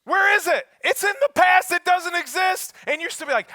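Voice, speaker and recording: A male pastor preaching a sermon to his congregation in a humorous, animated way, talking straight to the people in front of him. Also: very high voice, moderate pace, no room sound, faint music behind. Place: church service held in a school.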